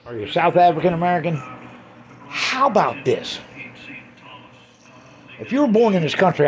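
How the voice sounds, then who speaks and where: A man's voice: a little high, a little hiss or hum. A man in a crude, rambling rant, swearing heavily and drifting between asides. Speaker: monologuist.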